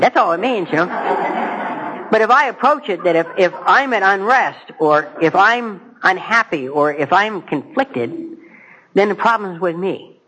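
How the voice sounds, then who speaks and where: At a recovery meeting, a middle-aged man gives a personal testimony, conversational and self-mocking, speaking directly to the audience and asking them questions. His voice is high, pushed, and bright, and the low-quality recording has slight background noise.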